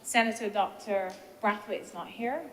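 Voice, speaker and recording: A woman's voice: medium pitch, fairly even intonation. Woman senator in echoey chamber. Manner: measured, deliberate, poses rhetorical questions. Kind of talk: parliamentary debate speech. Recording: reverberant chamber with faint background noise.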